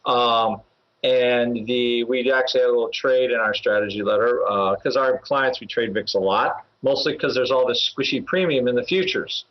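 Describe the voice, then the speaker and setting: A man's voice: mid-range voice, normal speed. Rambling man talking options, muffled audio. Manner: rambling, heavy with fillers, chuckles as he explains. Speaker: options trader and regular co-host. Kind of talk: casual podcast market talk. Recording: slightly muffled podcast audio.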